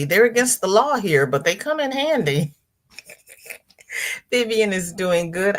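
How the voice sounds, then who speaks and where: A deep, somewhat bright voice belongs to this middle-aged livestream host, who keeps things casual while greeting viewers by name and reading out what they post in chat.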